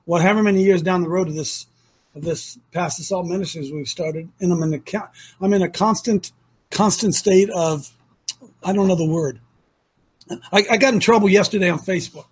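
A middle-aged man holds forth as host of a ministry talk show, his husky voice sitting fairly high. He hammers his points with repetition and climbs to near-shouts when he gets worked up. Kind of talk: impassioned conversational storytelling.

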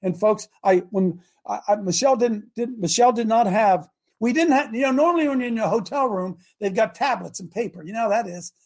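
Fiery high-voiced male talk host. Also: a little fast. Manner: impassioned, repetitive, shouting at times. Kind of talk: fiery call-in talk show rant. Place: studio in Ohio.

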